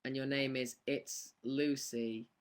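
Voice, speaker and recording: This young man answers fan questions on a live stream in a medium-pitched voice with a flat delivery, taking things slowly. Casual and chatty, he rambles, laughs a lot, and drops many ums along the way.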